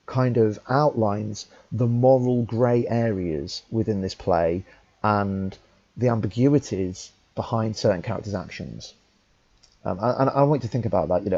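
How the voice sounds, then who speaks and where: A young man teaching, talking through a text in a relaxed, conversational way with fillers and restarts. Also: mid-range voice, husky, highs cut off. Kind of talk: talkthrough lesson.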